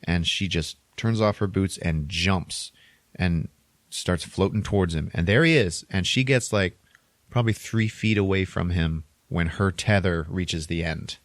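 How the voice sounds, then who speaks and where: A man with a deep, low voice recounts a story in relaxed podcast chat. He rambles, chuckles between lines and fills gaps with "like". The sound is dry and close, with no room echo. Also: measured pace. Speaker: podcast co-host. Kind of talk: casual chat, retelling a film plot.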